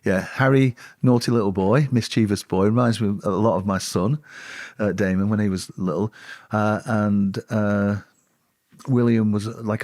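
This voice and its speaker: A man with a fairly low voice tells stories from his bodyguard days in a relaxed interview. He speaks haltingly, circling back with fillers and restarts. The sound is dry and close. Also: no echo. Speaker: former royal bodyguard and author. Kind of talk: casual interview storytelling.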